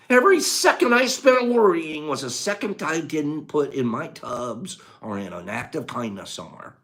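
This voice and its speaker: Older male host, casual and folksy, very animated intonation, flips from hushed to booming. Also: moderate pace, few pauses. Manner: swings between quiet musing and loud rhetorical outbursts; folksy, says gosh darn and dude. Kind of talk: casual talk on a quote.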